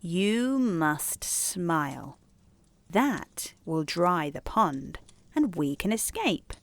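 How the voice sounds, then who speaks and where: A woman's voice: on the low side, very animated, extremely slow, exaggerated voice. A woman voicing a fussy, self-pitying male frog in a bedtime story, fretful and then coaxing.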